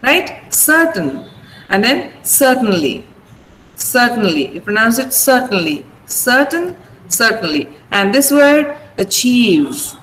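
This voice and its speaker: A middle-aged woman with an Indian English accent teaching pronunciation online, patiently repeating words slowly over a video call. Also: a little high, very animated, fairly bright tone, a little hiss or hum, rough recording. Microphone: computer mic on a video call.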